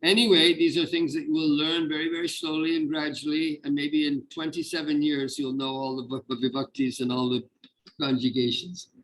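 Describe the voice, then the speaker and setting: Man teaching with a high voice. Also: level tone, poor audio. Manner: explains slowly with many restarts and fillers. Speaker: Sanskrit teacher. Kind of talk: casual online class teaching.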